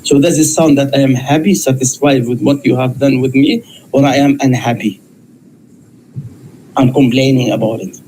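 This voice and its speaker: Guy debating, keeps repeating his question, darkish mellow tone, faint hiss behind. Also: mid-range voice, steady tone, moderate pace, low-quality recording. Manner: insistent, repeats questions to press a point. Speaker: Muslim debater. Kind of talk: live online debate.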